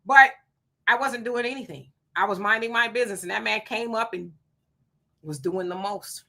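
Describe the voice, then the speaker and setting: Woman, middle-aged, live-stream host, emphatic preachy storytelling, sweating from the heat, bright sharp voice. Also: medium pitch, moderate pace, gravelly. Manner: animated storyteller, emphatic and preachy when warning. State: hot and sweating. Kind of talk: live-stream chat reading comments.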